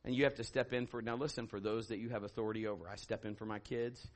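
A man preaching a sermon, swinging from loud shouted declarations to low hushed storytelling. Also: fairly even intonation, fast. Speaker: pastor.

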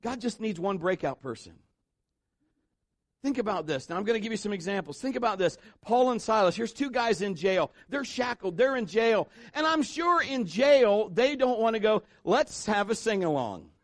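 A man's voice: high-pitched, animated, moderate pace, dry recording. A man preaching a sermon in church, mixing jokes and acted-out quotes into his message. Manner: joking asides, voices quotes. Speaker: pastor.

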